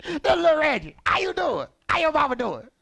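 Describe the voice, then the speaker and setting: A man, voicing little Reggie, an excitable small male alter ego who gives squealing, bouncy greetings. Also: very high-pitched, a little fast, creaky, voice pushed up, exaggerated voice. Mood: excited.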